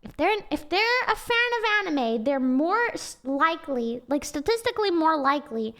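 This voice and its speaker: A young woman streamer with a very high, childlike voice, chatting casually and giggling as she rambles. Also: very animated, moderate pace, a bit bright. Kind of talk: casual livestream chat.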